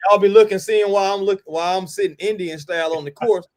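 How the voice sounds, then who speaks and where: A man chatting casually about sports, joking and telling stories excitably. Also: high voice, fairly quick, noisy background.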